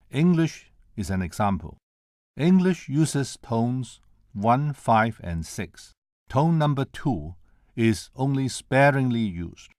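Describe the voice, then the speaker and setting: This is an older man from Hong Kong delivering a lecture to a conference audience. He speaks very slowly at a middle pitch and sounds out each tone and syllable separately as he demonstrates them. The recording is dry, with almost no room sound. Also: a little mellow, no echo. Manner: measured and deliberate, sounding out tones and syllables one by one. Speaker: presenter at a conference. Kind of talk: prepared lecture with spoken demonstrations.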